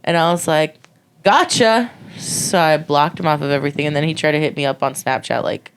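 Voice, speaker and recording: A woman in her twenties co-hosting a podcast, telling a story casually, swearing freely and acting out quotes in a high voice. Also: brisk, a little hiss or hum. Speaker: podcast co-host.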